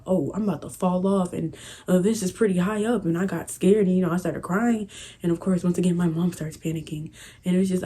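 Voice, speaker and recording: Young woman vlogger, casual slangy storyteller, husky low voice. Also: warm tone.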